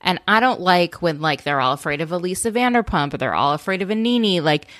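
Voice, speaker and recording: A woman with a low voice co-hosting a podcast in casual chat. She talks in a thoughtful, meandering way and often restarts her sentences. The recording is close and dry. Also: expressive, fast talker, a bit bright, no room sound. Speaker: podcast co-host.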